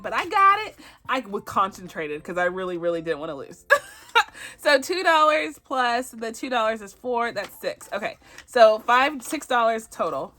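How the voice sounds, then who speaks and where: A woman's voice: a little high, fairly bright tone. A Bajan woman hosting a budgeting vlog, chatting casually and giggling as she plays a savings game. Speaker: budgeting channel host.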